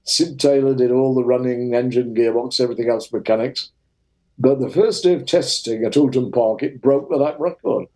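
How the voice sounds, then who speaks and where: A man's voice: mid-range voice, normal speed, low-quality recording. An older man with a Lancashire English accent, a retired racing driver telling vivid anecdotes as an interview guest. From Lancashire, England. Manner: lively, vivid storyteller.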